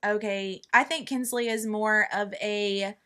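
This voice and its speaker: A woman's voice: medium pitch, unhurried, clear, resonant tone. A middle-aged woman hosting a casual family chat, telling stories animatedly and acting out the quotes. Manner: animated storyteller, acts out quotes loudly. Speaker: podcast host and mother.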